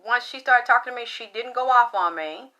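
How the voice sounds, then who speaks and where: Woman, middle-aged, bright forceful voice, blunt, profane, rambling, casual host monologue. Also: fairly high pitch, a little fast, lo-fi sound. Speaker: spiritual talk show host.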